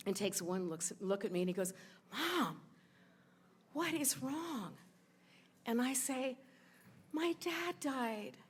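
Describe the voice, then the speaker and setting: A woman in her forties telling a true personal story on stage, emotional, rushing through some parts and slowing way down on others. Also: a little high. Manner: emotional, quick bursts of telling with sudden slowdowns. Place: stage at a live event in a sports bar.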